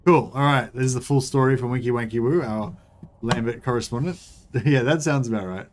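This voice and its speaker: Male game streamer, casual rambling commentary, swears casually, mid-pitched voice. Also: a little fast, slight background noise.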